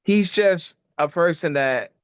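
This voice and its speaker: Older man with a smooth, close-miked voice. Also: no echo. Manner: animated storyteller, voice jumping high for quoted asides; halting, many restarts and fillers. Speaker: actor and guest. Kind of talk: casual interview chat.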